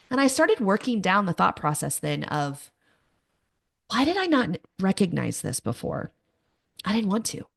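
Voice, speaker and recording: Animated woman in her thirties, lively pitch. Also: a little slow, creaky, pauses often, slightly rough. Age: 30s. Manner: candid, animated storytelling with self-mocking asides. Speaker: podcast host. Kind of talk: personal monologue.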